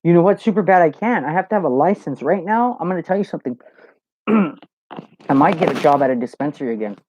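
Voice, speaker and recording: Hosting a live Q&A, a man chats loosely and profanely, telling stories, reading viewer comments and saying "you know" a lot. His voice is a little high and a little fast, with lively intonation and a slightly mellow tone. The dull lo-fi recording is dry, with no room sound.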